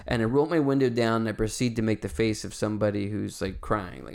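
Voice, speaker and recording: A man in his forties with a low, gravelly voice, hosting a solo podcast. He tells a personal story in a loose, rambling way, full of "you know" and "like," and he swears freely. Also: steady tone, fairly quick, a little mellow. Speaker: podcast host.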